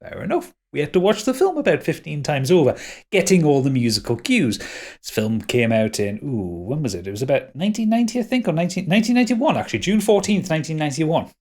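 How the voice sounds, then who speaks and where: A man's voice: on the high side, sing-song, quick pace, darkish tone. A man co-hosting a podcast, ranting and swearing as he critiques a film. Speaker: podcast co-host. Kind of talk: casual podcast chat.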